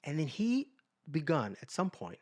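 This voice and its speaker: A man co-hosts a podcast, sharing personal stories in casual conversation at a normal pace. His voice is on the high side, and he animatedly acts out the voices of the people he quotes.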